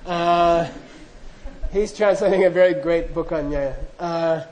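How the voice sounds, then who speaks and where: A man's voice: on the high side, a little slow, a little mellow, low-quality recording. A man telling a teaching story in a chatty, casual way, full of asides and small laughs. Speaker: dharma teacher. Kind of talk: storytelling talk.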